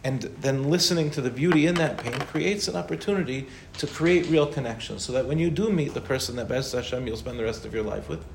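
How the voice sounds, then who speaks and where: Rabbi in a roomy, echoey hall. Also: male voice, mid-range voice, brisk, gravelly, few pauses. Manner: conversational, with Hebrew and Yiddish terms. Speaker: rabbi answering questions. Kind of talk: informal Torah class. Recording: roomy echo with faint noise.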